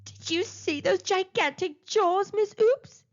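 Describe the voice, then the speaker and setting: A woman's voice: high-pitched, very animated, takes it slowly, fairly bright tone, voice pushed up, exaggerated voice. A woman voicing a jumpy male dolphin dentist who stammers and panics, on a dull lo-fi recording. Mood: nervous. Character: jittery male dolphin dentist, easily scared.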